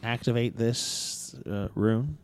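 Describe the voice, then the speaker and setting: A man's voice: medium pitch, slow pace, a little mellow, smooth, no room sound. A man playing a scheming male royal advisor in a tabletop game, courteous and probing. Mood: probing polite.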